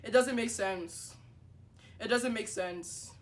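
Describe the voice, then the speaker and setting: A young woman spins a casual storytime for her viewers, heavy with fillers. She keeps jumping into little acted-out exchanges and talks with lively energy. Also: on the high side, slow pace. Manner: animated, filler-heavy, acts out dialogue. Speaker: vlogger.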